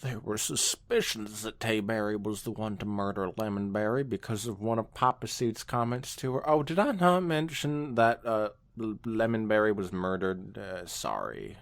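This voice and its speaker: Brief: a man with a lowish voice and a dry, close sound, reading fan fiction dramatically and cracking up often. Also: animated, normal speed, creaky, few pauses, no echo. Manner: laughs through his reading, dramatic narration. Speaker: podcast co-host reading fan fiction aloud. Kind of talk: casual comedic reading and chat.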